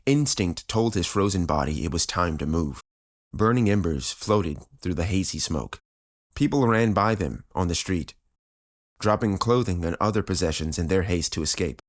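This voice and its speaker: A man narrating an audiobook in a steady, even reading style. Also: deep voice, moderate pace.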